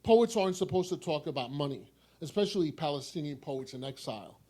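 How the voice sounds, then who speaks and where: A man with a New York accent gives a poetry reading in a fairly high voice for a man. His delivery is wry and dry, and he circles back to a refrain again and again. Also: lively intonation, fairly quick, mellow. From New York City. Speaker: poet.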